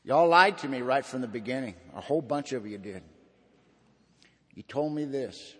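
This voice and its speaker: A man tells his recovery story to a meeting in a drawling, slangy, folksy way. His voice sits at a middle pitch and rises loud, then drops to a hush. A long hall reverb trails behind every word. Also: lively intonation, normal speed, breathy edge. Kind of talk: personal testimony talk.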